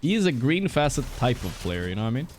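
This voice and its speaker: A man's voice: mid-range voice, very animated, quick pace. A man streaming and reacting to a match, talking loosely with viewers and swearing. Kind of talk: casual stream commentary.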